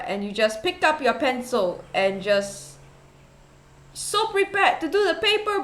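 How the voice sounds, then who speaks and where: A young woman streamer chatting casually with her viewers, rambling and giggly and quick to poke fun at herself. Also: high voice. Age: young adult. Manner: rambling, giggly, self-deprecating. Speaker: VTuber streamer. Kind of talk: casual chat. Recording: roomy echo.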